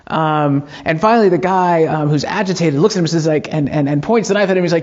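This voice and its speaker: A man's voice: fairly high pitch, fast, vocal fry, few pauses, highs cut off. A man preaching a sermon as pastor, telling a story in a loose conversational way with frequent fillers and restarts.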